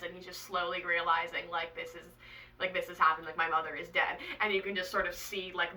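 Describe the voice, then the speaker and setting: A young woman chats to camera in a loose, excitable way, sprinkling "like" through every sentence and swearing freely. Her voice is strikingly bright and keen-edged. She sits back a bit from the mic, so she sounds a touch distant. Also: lowish voice, slight background noise. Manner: chatty and excitable, many "like"s, swearing. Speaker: author and book vlogger. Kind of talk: casual chat to camera.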